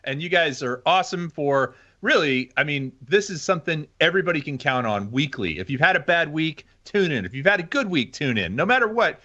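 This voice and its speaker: Bright, lively wisecracking male co-host. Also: fairly high pitch, a little fast, few pauses, lo-fi sound. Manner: wisecracking, playful quips. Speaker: guest co-host. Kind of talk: casual banter.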